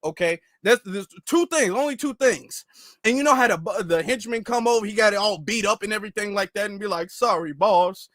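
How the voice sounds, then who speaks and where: A man hosting a commentary channel, ranting in an animated, repetitive storytelling way. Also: high-pitched, a little fast, no room sound, studio quality.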